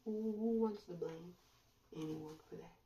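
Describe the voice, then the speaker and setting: A woman commentator delivering a sarcastic monologue full of rhetorical questions and drawn-out pauses. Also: lowish voice, dark tone, distant mic, dull audio. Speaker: online commentator. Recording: roomy echo, voice away from mic.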